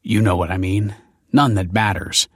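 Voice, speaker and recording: A man's voice: sits low, fairly even intonation, normal speed, a bit bright, slightly rough, dry recording, clean studio sound. Man playing a jittery, defensive father. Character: anxious middle-aged father, defensive and jittery.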